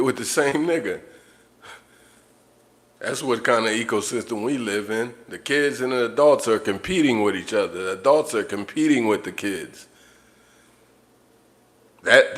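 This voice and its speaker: A man with a slightly bright mid-range voice hosts a livestream, speaking directly to viewers off the cuff. He rants in a blunt, profane, repetitive way.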